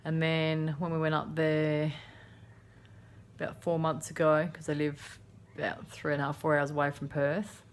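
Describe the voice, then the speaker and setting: A woman's voice: low voice, completely flat delivery, moderate pace, slight background noise. A woman in her thirties with an Australian accent, casually narrating a daily vlog from her home kitchen in a rambling, chatty way. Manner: chatty, rambling, many fillers. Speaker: vlogger.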